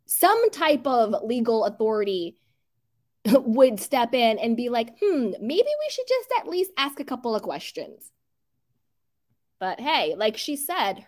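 High-voiced chatty woman livestream host. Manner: chatty, greets viewers by name, opinionated. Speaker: livestream host reading chat comments. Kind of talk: casual livestream commentary.

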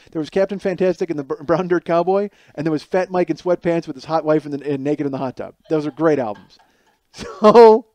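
A man in his forties, hosting a podcast, telling a comic story in a rambling, animated way with many restarts and acted-out quotes. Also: a little high, dry recording. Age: 40s. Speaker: podcast host. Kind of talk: comedic storytelling monologue. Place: home kitchen.

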